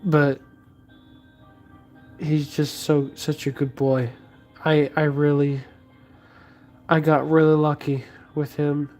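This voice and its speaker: Unhurried vlogger chatting while sculpting, um-ing and uh-ing a lot, jokey, faint music behind. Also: medium pitch, little pitch movement, a little mellow. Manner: rambling and jokey, many fillers. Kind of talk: casual chat while sculpting.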